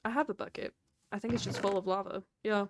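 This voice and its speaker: A woman's voice: medium pitch, quick pace, slight background noise. A woman streaming and chatting casually while gaming, teasing and laughing often.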